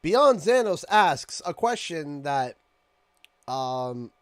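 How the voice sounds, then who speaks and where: A Canadian man chatting on a live stream in a dry, close sound with no room echo. His pitch leaps around as he jokes and grumbles playfully, taking questions from his desk mic. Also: very slow. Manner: joking, animated, playful complaining. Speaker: streamer host. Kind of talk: casual live-stream chat. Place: home room with his 3D printer.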